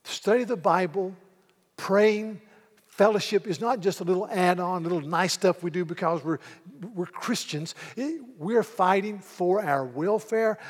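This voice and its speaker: Male pastor preaching emphatically, restarting in doubled words, set in a reverberant hall. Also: high voice. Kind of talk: sermon.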